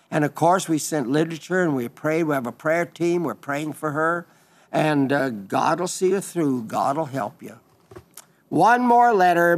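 A man hosting a radio ministry program, reading listener letters and preaching in a folksy, unhurried way with frequent fillers and restarts. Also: on the high side.

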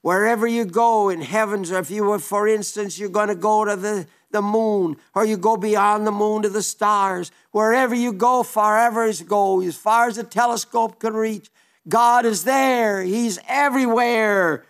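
A man's voice: high voice, steady tone, moderate pace, a bit bright. A man preaching a sermon in an earnest, emphatic way, quoting old-fashioned scripture.

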